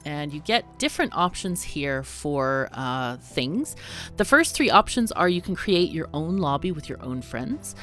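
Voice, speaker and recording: A woman's voice: sits low, big pitch swings, a little slow, fairly bright tone, soft background music. A woman hosting a let's play, giving chatty, bubbly commentary on a game and laughing often. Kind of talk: casual gameplay commentary.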